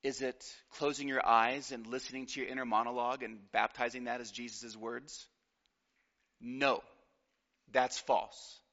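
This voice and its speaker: Slow, bright-voiced male preacher. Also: medium pitch, level tone, lo-fi sound. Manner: emphatic preaching with slow deliberate pauses and repetition. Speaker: pastor. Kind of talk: sermon.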